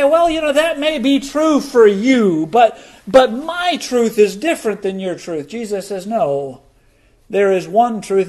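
A middle-aged man preaching a sermon, slow and deliberate, letting key words drop low for emphasis. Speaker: pastor.

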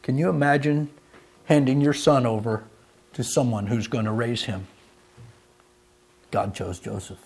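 A man preaching a sermon in a folksy storytelling way, swinging between loud and hushed. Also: medium pitch, normal speed.

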